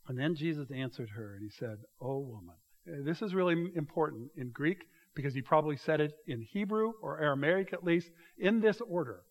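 A pastor giving a conversational sermon, animated and full of restarts, speaking to a church congregation. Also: male voice, fairly high pitch.

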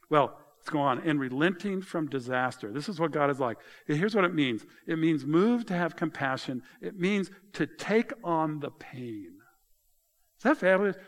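Animated preacher man, lively pitch. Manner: animated, exclaiming and mocking in asides. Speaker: pastor. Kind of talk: sermon.

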